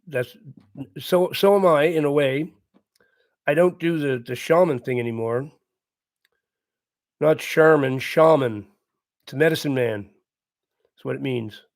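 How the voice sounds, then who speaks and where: A man's voice: fairly high pitch, measured pace, creaky, pauses often, darkish tone. A man hosting a live stream, reading viewer comments aloud and answering them in an earnest, repetitive, casual way with frequent chuckles. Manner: earnest, repeats himself, chuckles often. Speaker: livestream host reading chat.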